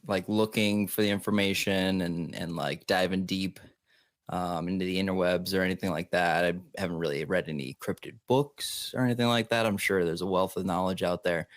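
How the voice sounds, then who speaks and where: A young man as a podcast guest, easygoing and playful in quick banter. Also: low voice, steady tone, no echo. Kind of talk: casual podcast chat.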